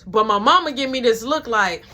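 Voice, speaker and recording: A woman's voice: on the high side, expressive, moderate pace, pushed and bright. A woman telling a personal story in a casual, slangy way with swearing.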